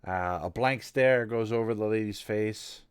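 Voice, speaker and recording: A man narrating as game master of a tabletop game, unhurried and conversational. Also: lowish voice, flat delivery, smooth, dry recording, clean studio sound.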